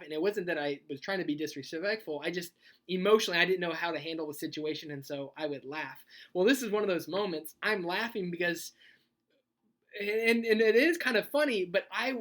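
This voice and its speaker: A man speaking as a youth pastor in a sermon video. He talks in a conversational, animated way and tells a personal story, laughing as he goes. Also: high-pitched. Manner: conversational, animated, laughs while telling stories.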